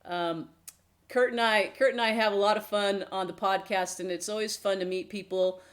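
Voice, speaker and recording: An older woman who works as a mental health counselor, co-hosting a podcast in a warm, chatty way and introducing her guest. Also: mid-range voice, steady tone, normal speed. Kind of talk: casual podcast chat.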